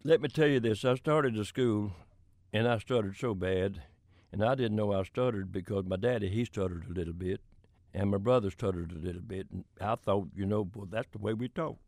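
An older man with a drawl spins folksy anecdotes, chuckling now and then. His voice sits low with a gravelly texture, and the recording is dry and close. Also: a little fast, a little mellow, no room sound. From Florida. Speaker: country singer-songwriter guest. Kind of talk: storytelling in an interview.

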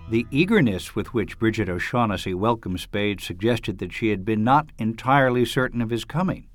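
A man reading a novel aloud in a dramatic, expressive narrating manner. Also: fairly low pitch, normal speed, soft background music. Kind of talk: audiobook reading.

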